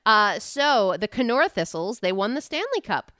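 A woman's voice: a little high, very animated, sharp tone, dry recording, studio quality. A young adult woman co-hosting a podcast, chatting and riffing playfully. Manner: playful, riffing, quick asides. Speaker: podcast co-host. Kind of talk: casual comedic chat.

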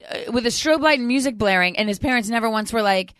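A woman's voice: on the high side, quick pace, a bit bright, clean tone, no room sound. A woman co-hosting a podcast, telling long, wry anecdotes in casual conversation. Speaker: podcast co-host. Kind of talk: casual chat.

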